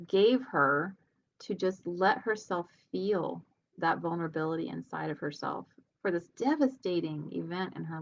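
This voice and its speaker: A woman with a low, gravelly voice gives an earnest motivational talk in a conversational way, as a healer and coach. The sound is dull and lo-fi. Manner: earnest, conversational, laughs lightly.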